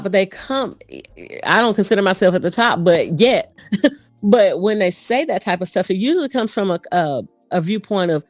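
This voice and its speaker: Guesting on a casual interview, this voice coach and performer speaks in a quick, animated storytelling style. Her voice is mid-range, the sound has no echo, and soft music sits in the background.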